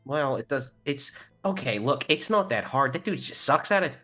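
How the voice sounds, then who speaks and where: A man's voice: mid-range voice, expressive, moderate pace, sharp tone, soft background music. A man playing a tabletop game, talking casually and swearing freely. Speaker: player.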